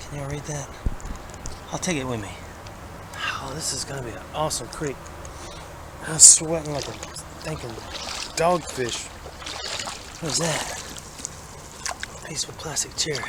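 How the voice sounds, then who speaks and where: A man, chatting excitedly to himself and his viewers as he searches a creek outdoors. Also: fairly high pitch. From Alabama. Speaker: vlogger. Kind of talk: casual outdoor narration. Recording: outdoor recording with clear background noise.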